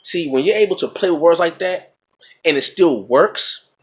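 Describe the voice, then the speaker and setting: Husky man explaining rhymes, teacherly. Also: on the high side, normal speed. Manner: teacherly, repeats words and checks in with "okay?". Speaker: vlogger explaining battle rap. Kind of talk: casual explanatory talk.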